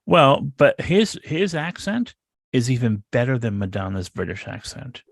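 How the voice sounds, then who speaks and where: A man's voice: mid-range voice, sing-song, a little slow, vocal fry, no echo. Male podcast co-host, dry close sound, wry and rambling delivery. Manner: sardonic, rambling with repeats. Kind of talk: casual podcast chat.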